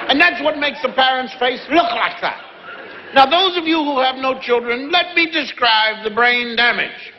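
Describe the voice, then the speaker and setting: High-voiced man telling a comic story. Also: slight background noise. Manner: conversational, acts out family scenes. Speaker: comedian. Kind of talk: stand-up storytelling. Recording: dull, reverberant live recording.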